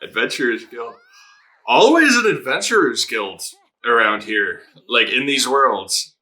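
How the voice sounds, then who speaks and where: A man hosts an anime reaction channel, chatting casually, laughing often, swearing, and acting out characters' lines. His mid-range voice swings widely in pitch and is bright and forceful, delivered a little slowly.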